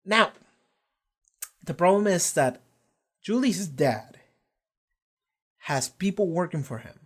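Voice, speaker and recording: A man hosting a live reaction stream, recapping an episode in a rambling, excitable way, swearing casually and acting out characters' lines. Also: high voice, takes it slowly, husky. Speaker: reaction channel host.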